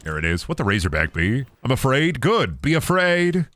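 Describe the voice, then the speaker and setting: A man's voice: medium pitch, very animated, moderate pace, a bit bright, dry recording. A young man giving casual, goofy and profane commentary while streaming a video game. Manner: goofy, profane, playful voice swings.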